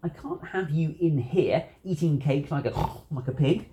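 A storybook reader voicing a young boy who yells at a troublesome cat. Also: mid-range voice, unhurried, lightly acted. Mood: exasperated. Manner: indignant, yelling.

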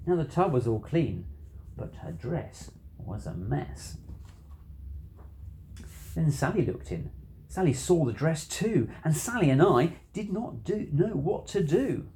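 A reader narrating a children's rhyming picture book aloud, expressive and rhythmic. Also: medium pitch, a little slow, a little hiss or hum. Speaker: storybook reader.

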